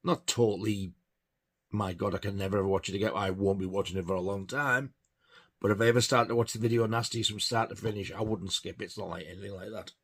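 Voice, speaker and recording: A man's voice: lowish voice, fairly even intonation, quick pace, a bit bright, slightly rough. A man giving a casual, rambling film review, hesitant with many fillers. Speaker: film collector reviewing horror films.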